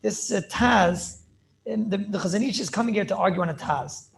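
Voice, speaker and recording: A rabbi teaching a Talmudic class over a video call, repeating phrases and checking in with "right?" and "clear?". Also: male voice, high voice, normal speed, faint music behind.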